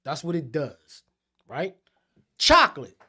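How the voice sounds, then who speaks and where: A man, co-hosting a casual chat, profane and animated with loud outbursts. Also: fairly high pitch, slow, slightly rough. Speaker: podcast co-host.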